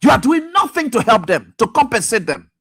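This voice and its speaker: Impassioned man, high-voiced talk host. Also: very animated, brisk, fairly bright tone, slightly rough. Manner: impassioned, accusatory, repetitive questioning. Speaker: radio talk show host. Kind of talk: political commentary. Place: radio studio.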